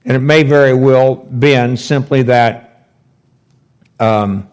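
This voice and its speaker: A man's voice: medium pitch, slow pace, darkish tone, clean tone. A man teaching through a Bible passage verse by verse, conversational and thinking aloud with rhetorical questions. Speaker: pastor teaching scripture.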